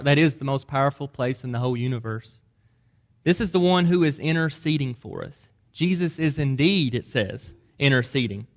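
A man preaching a sermon, earnest and emphatic, pressing hard on key points. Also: medium pitch. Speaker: pastor.

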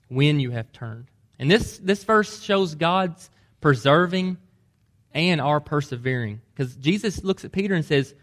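A man's voice: medium pitch, a little slow, fairly bright tone. A man preaching a sermon, earnest and emphatic, pressing hard on key points. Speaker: pastor.

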